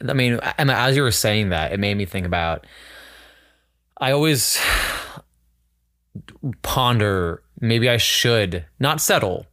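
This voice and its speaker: A man's voice: on the low side, expressive, measured pace, pauses often, sharp tone, no room sound, studio quality. A man hosting a podcast in casual chat, talking candidly and emotionally, holding back tears. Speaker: podcast host. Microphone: studio microphone.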